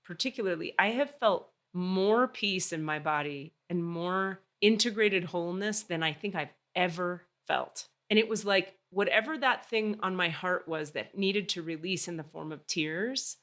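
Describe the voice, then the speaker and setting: A woman hosting a podcast, telling a story in casual chat, animated and swearing freely. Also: fairly low pitch, moderate pace, hardly any pauses. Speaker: podcast host.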